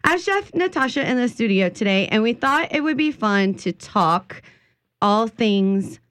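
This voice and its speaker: A woman's voice: fairly high pitch, measured pace, smooth. Chatty woman radio host. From Louisiana. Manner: chatty, animated, playful storyteller. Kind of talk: casual radio chat. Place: radio studio.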